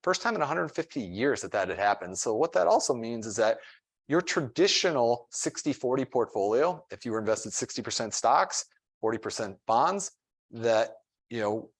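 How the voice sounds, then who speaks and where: A man's voice: mid-range voice, animated, normal speed. Man explaining fund statistics at a seminar. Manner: explanatory, plain-spoken, with fillers. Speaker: financial advisor presenting a fund. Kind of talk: seminar presentation.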